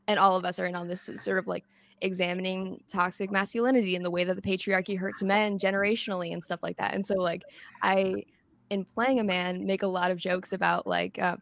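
A woman's voice: mid-range voice, vocal fry, dry recording. A woman guesting on a show over a video call, chatting casually with lots of fillers and restarts. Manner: hesitant, many fillers and restarts, laughs while talking. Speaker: podcast guest. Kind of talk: casual chat.

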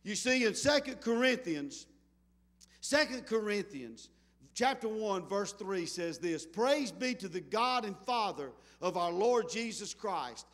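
A man's voice: high voice, expressive, a little slow, a bit bright, big-room sound. A man preaching a fervent sermon as pastor, repeating himself and reading scripture. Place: church sanctuary.

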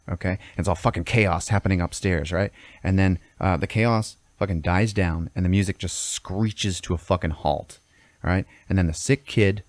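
Deep-voiced man telling a story. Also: darkish tone, no echo. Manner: swears constantly, checks in with "okay?". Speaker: podcast host telling a story. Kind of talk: casual storytelling chat. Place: podcast studio.

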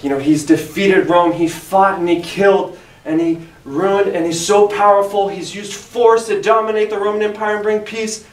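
A man's voice: sits high, fairly even intonation, normal speed, far from the mic. A man teaching a church Bible study in an earnest, emphatic way, reading scripture aloud. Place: church room. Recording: echoey room, mic from afar, faint hiss.

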